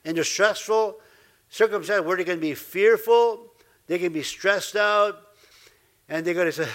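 Preaching as pastor, a man delivers a lively sermon at a measured pace in a high voice, laughing now and then and performing the voices of the people he quotes.

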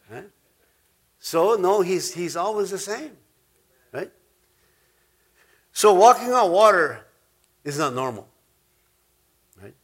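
A man's voice: fairly high pitch, animated, slow pace, long pauses. A man teaching from the Bible in an informal, rambling way, often correcting himself and acting out the quoted lines. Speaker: preacher.

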